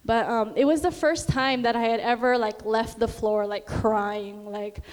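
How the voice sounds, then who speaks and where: In a recording with long hall reverb, a young woman speaks unhurriedly in a fairly high, fairly even voice. She's giving a casual faith testimony, chatty and full of fillers, singing and acting out quotes as she goes.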